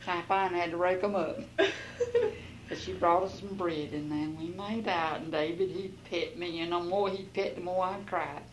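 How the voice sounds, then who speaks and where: A woman's voice: fairly low pitch, normal speed, a little hiss or hum, low-quality recording. Older woman spinning a homespun tale. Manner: folksy, rambling, quotes others in lively bursts. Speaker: interviewee. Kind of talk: oral history storytelling.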